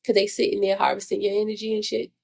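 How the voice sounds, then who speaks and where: A woman talks straight to the camera in a casual vlog. Her voice is gravelly and mid-pitched. She vents bluntly and swears freely, circling back to the same rhetorical questions. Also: monotone, quick pace, darkish tone. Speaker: vlogger. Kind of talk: casual spiritual venting monologue.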